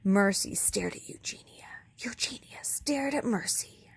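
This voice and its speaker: A woman teacher reading a children's book aloud, pausing to explain words for young kids. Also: mid-range voice, expressive, vocal fry, husky, in a whisper.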